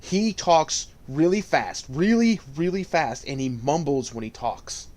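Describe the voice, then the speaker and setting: A man's voice: a little high, animated, unhurried, a little mellow. A man joking and teasing his friend in a casual live-stream chat. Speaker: streamer co-host.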